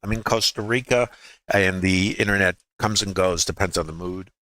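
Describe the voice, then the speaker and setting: Brooklyn-accented male trading teacher, bright and forceful, folksy, quippy, rhetorical. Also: low voice, moderate pace, dry recording. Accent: New York, Brooklyn. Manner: folksy, quips and rhetorical questions. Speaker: trading educator. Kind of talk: livestream market lesson. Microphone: laptop.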